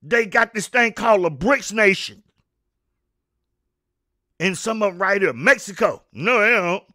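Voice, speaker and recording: A man hosting his own show, delivering a fired-up political rant that repeats words and bursts into shouting. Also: high voice, expressive, a little slow. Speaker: show host.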